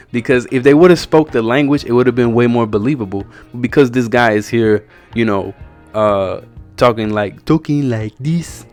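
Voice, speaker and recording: A man talks through a film review in a casual, opinionated way. His voice sits at an ordinary middle pitch, and his delivery is blunt and sarcastic. Soft music plays quietly in the background. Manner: blunt, sarcastic, exasperated critique.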